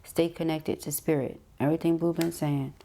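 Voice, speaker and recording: A woman's voice: low-pitched, little pitch movement, moderate pace, vocal fry, noisy background. A woman giving a casual spoken tarot reading, chatty and emphatic, repeating phrases and talking straight to her viewers. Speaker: tarot reader.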